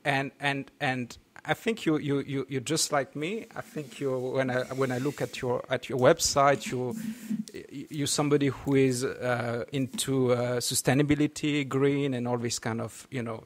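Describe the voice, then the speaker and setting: A man with a French accent hosting a casual podcast, halting and laughing, full of restarts. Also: medium pitch, flat delivery. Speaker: podcast host.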